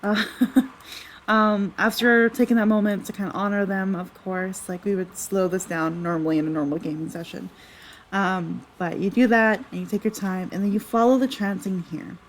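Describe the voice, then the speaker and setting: A woman's voice: medium pitch, slight background noise, poor audio. A woman narrating as game master of a tabletop game, chatty and rambling with lots of fillers. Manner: chatty, rambling, with many fillers and self-corrections.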